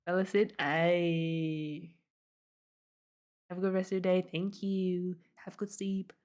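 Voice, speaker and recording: A woman's voice: mid-range voice, monotone, moderate pace, warm tone. A woman from Sydney, hosting a livestream, chatting and greeting viewers one by one before reading a story aloud. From Sydney, Australia. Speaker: livestream host.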